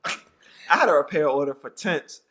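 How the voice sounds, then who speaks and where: A podcast host chatting casually, with a relaxed, teasing manner. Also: medium pitch. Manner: relaxed, quick to laugh, teasing. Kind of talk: casual chat.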